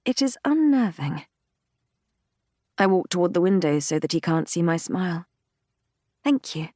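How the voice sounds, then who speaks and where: A woman's voice: mid-range voice, a little mellow, no room sound. Woman narrating a first-person audiobook, dry sound. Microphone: close studio mic, dry.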